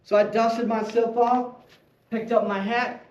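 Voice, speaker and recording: A man giving a prepared storytelling speech at a club meeting, animated and playful as he tells a tale. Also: very high-pitched, a little slow, dull audio. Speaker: club speaker. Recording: echoey room, faint ambience.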